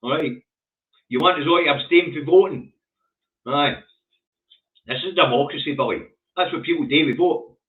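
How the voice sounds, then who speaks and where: A man's voice: a little high, moderate pace, long pauses. A Scottish man hosting a casual current affairs show, blunt and sardonic, swearing freely. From Scotland. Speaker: host. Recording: tinny phone-like audio.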